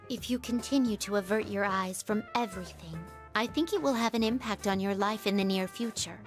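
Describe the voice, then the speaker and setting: Woman voicing a calm, mysterious, formal wanderer. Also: medium pitch, close to an everyday voice. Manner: slow, polite, measured formal speech. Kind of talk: video game voice acting.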